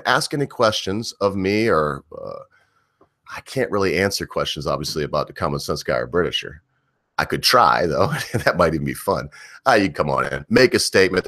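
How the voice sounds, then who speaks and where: A man's voice: low-pitched, fairly bright tone, no echo, clean studio sound. A middle-aged man hosting a livestream, ranting in a rambling, profane way with frequent chuckles. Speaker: livestream host.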